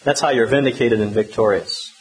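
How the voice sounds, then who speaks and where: A male pastor preaching a sermon in a conversational, humorous way with lively emphasis. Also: mid-range voice, a little fast, low-quality recording.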